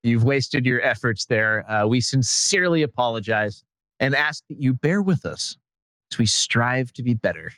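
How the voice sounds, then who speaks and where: A man's voice: mid-range voice, lively intonation, normal speed, fairly bright tone, no room sound. A man hosting a podcast in casual comic chat, joking and laughing often. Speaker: podcast host.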